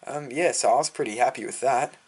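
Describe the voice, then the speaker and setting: A man's voice: medium pitch, quick pace, husky. A teenage boy with an Australian accent chatting casually about starting his lawn care business, rambling and full of fillers. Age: teens. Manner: rambling, filler-heavy, easily sidetracked. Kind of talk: casual storytelling vlog.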